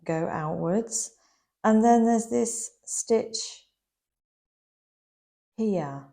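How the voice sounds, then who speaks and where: A woman whose fairly high voice is gravelly yet mellow teaches crochet one step at a time, slow and patient. Her voice is slightly worn, seemingly giving out a bit.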